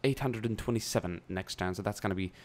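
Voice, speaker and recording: Young man, very low voice, casual let's-play commentary, thinking aloud, desk mic. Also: quick pace, a little mellow, slight background noise. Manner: chatty, thinking aloud while playing, casual swearing. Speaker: gameplay commentator.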